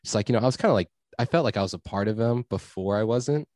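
A man's voice: lowish voice, fast talker, a little mellow, no echo. A young man telling a rambling story in a casual chat, laid-back, swearing and full of fillers. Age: young adult.

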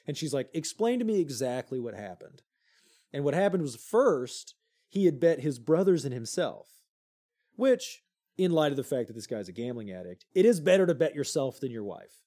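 Man with a mellow voice, telling myths casually. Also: fairly high pitch, moderate pace. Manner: animated retelling with lots of fillers and crude jokes. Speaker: podcast co-host. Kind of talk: casual storytelling chat.

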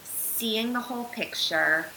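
A woman in her thirties tells a heartfelt personal story as a podcast guest, with an animated, earnest delivery full of "um"s and "like"s. Her voice is bright and forward, and a faint hiss sits under the recording. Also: a little high, takes it slowly, low-quality recording. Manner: earnest, animated retelling with filler words.

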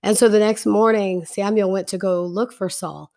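A woman's voice: mid-range voice, steady tone, moderate pace, vocal fry, darkish tone. A woman teaching a Bible story in a casual, chatty way, retelling scripture in slangy everyday speech.

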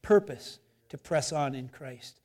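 A male pastor preaching a sermon in an animated, conversational way, acting out imagined inner voices and moving between loud emphasis and quiet, intimate asides. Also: medium pitch, takes it slowly.

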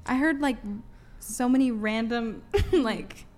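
A woman's voice: fairly high pitch, slow pace, a little mellow. A woman on a casual panel, critical and curious as she gives her view. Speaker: panel guest.

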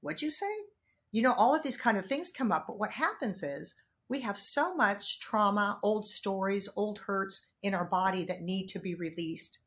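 A woman talking as a podcast guest, telling personal stories frankly and animatedly, jumping from loud outbursts to hushed asides. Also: medium pitch, moderate pace. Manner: frank, casual swearing. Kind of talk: candid conversational storytelling.

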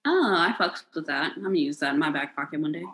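A young American woman co-hosting a casual chat, playful and joking, swearing freely, with sudden high-pitched outbursts. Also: animated, fast talker, fairly bright tone, poor audio. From United States. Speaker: podcast co-host.

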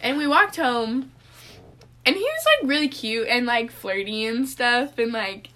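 A woman's voice: a little high, expressive, measured pace, bright, forceful tone. A young woman co-hosting a casual podcast, telling a crude story with lots of "like" and frequent giggling. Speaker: podcast co-host. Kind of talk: casual chat.

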